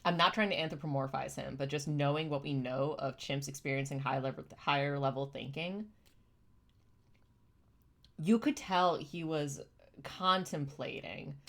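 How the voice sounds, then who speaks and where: A young woman with a low, steady, fairly bright voice speaks at a normal pace while streaming reactions to chimp videos. Her casual commentary turns from thoughtful, plain explanations to emotional gushing, often near tears.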